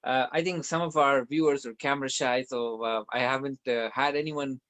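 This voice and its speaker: A man hosts a webinar over a video call. He reads out questions from viewers in a hesitant way, full of fillers. His voice sits at an ordinary middle pitch. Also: steady tone, normal speed, a bit bright. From Philippines. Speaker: webinar host.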